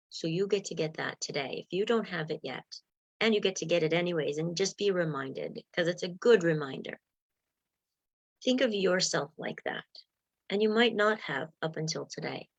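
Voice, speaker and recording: A woman's voice: lowish voice, dull audio. A woman mindset coach giving a motivational talk to viewers, encouraging and acting out inner voices.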